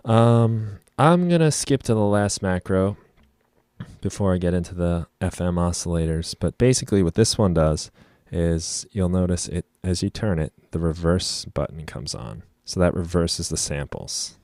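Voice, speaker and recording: At his computer, a man walks through a casual screen-recorded music production tutorial, explaining every knob in a relaxed manner full of ums. His low-pitched voice moves at normal speed in a dry recording, while loud synth and trumpet demos play behind him.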